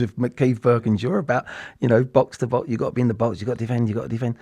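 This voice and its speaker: Gravelly English man in his sixties. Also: mid-range voice, steady tone, rapid-fire, few pauses, mellow, no echo, clean studio sound. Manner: rambling, with frequent restarts and repeated words. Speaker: interview guest, former footballer. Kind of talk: casual reflective interview talk.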